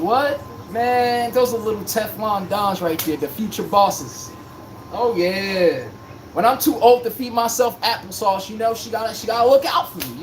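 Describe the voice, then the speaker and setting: A man's voice: high-pitched, expressive, normal speed, noisy background. A man hosting a live sports stream, talking in a joking, rambling, slangy way. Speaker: livestream sports podcast host. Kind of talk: casual live-stream chat.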